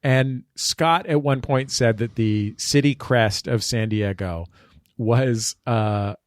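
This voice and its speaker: A man on a podcast as a guest, chatting casually and telling animated stories with bursts of laughter at a studio table. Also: mid-range voice, slow, no room sound. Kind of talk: casual chat.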